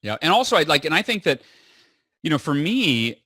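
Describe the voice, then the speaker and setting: A man in his thirties, a podcast guest telling a personal story in an animated way and acting out the dialogue. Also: on the high side, normal speed, slightly rough, dry recording. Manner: animated, acts out quoted dialogue. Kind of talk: storytelling in an interview.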